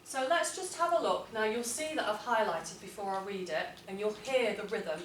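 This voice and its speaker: A woman teaching a writing lesson to a class, clear and deliberate, stressing words as she reads model texts aloud. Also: medium pitch, slight background noise. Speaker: English teacher. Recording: echoey classroom, from a distance.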